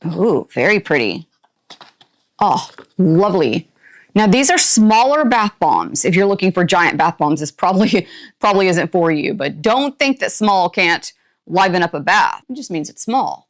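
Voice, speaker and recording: A woman's voice: on the low side, very animated, a little slow. A woman reviewing products on her channel, chatting to viewers in a playful, put-on rural drawl as she unboxes. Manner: talks to viewers while opening items.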